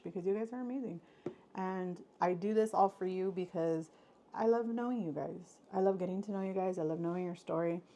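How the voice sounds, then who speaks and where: A woman hosting a casual live stream and chatting to her viewers, effusive and gushing, her voice swooping up high whenever she gets excited. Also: vocal fry.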